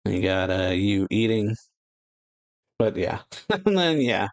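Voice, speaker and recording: A man's voice: on the low side, lively intonation, a little slow, pauses often, no echo. Chuckling man reading a manga aloud. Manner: paraphrases character dialogue aloud with frequent chuckles; loose, rambling narration with self-corrections. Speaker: manga reaction channel host.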